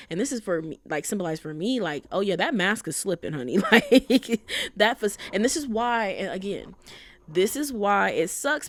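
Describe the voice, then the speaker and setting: A young woman podcast host with a medium-pitched voice chats casually while recapping a story. She's blunt, swears a bit and scatters "like, you know" throughout. The sound is close and dry, with no room sound.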